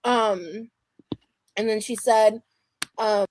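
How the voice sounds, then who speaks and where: A woman's voice: medium pitch, steady tone, drawn-out words, a little mellow, a little hiss or hum. A young adult woman streaming live, chatting casually and rambling with restarts and fillers.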